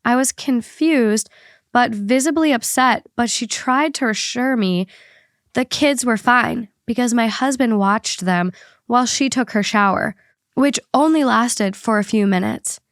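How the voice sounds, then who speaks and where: A woman's voice: on the high side, measured pace, no room sound. Young woman podcast host, casual and chatty, close dry mic. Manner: chatty, reads posts aloud steadily. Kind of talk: casual podcast chat and story reading.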